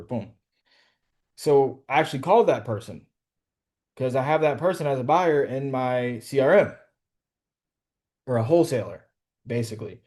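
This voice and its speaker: A man with a mid-range, darkish voice, a real estate wholesaler coaching a group, casually tells a story on a call. His speech is slangy and profane, loaded with "bro" and "like."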